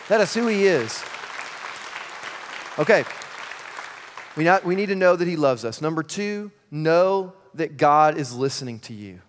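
Male pastor, sermon, energetic and conversational, slightly high voice; reverberant hall. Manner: energetic, conversational, laughing asides. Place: church. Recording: long reverb of a large hall.

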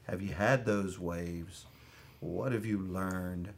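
A man pastor interviewing a fellow pastor in a church message, asking gentle, sympathetic questions. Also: sits low, steady tone, takes it slowly.

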